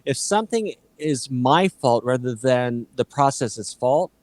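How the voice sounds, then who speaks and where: A man in his fifties co-hosting a casual chat, talking in a rambling, halting way. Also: mid-range voice, expressive, darkish tone, no echo. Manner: rambling, halting, many fillers and restarts. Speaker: co-host.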